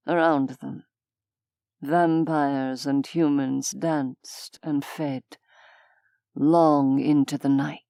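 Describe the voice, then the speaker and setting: A woman narrating an audiobook in a measured, even storytelling manner. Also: low voice, creaky, dry recording, clean studio sound. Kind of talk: scripted narration.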